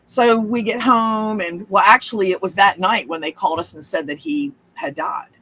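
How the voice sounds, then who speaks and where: A woman with a drawl tells a personal story in casual, chatty talk. She wanders off on tangents and swears without a second thought. Her voice is bright and carries some push. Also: mid-range voice, normal speed, husky. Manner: chatty, profane, rambling with frequent asides.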